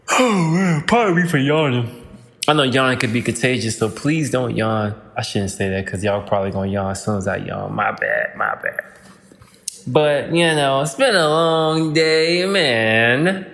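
A man's voice: medium pitch, a bit bright, big-room sound. A man hosting a podcast, talking alone in a loose, rambling, slangy way that sometimes breaks into playful rhymes. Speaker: podcast host. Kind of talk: casual monologue.

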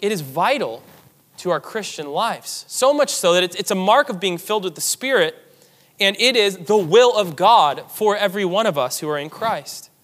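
A man's voice: high voice, animated, normal speed, a bit bright, in a large hall. A man preaching a sermon as pastor, reading scripture aloud and pressing his points with emphasis.

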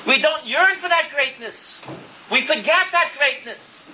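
Casting: male preacher, very high and piercingly bright voice, earnest and impassioned sermon delivery. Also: lively intonation, measured pace, slight background noise, rough recording. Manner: earnest, impassioned, mixes Hebrew terms into English. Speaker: religious speaker.

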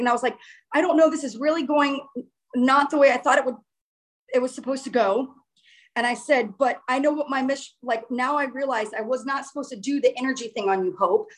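A woman telling a personal story in a casual, rambling way, acting out dialogue with frequent restarts. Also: sits high.

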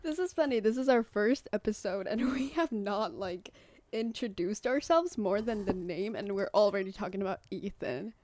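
A woman's voice: mid-range voice, lively intonation, normal speed, darkish tone. A young woman co-hosting a podcast over a video call, holding a mic in her hand, giggly and playful. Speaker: podcast co-host. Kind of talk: casual chat. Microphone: handheld mic on a video call.

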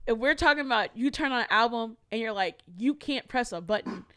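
A woman's voice: on the high side, expressive, brisk, a bit bright, clear, resonant tone. A woman co-hosting a podcast in casual chat, talking emphatically, teasing the others and laughing often. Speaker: podcast co-host.

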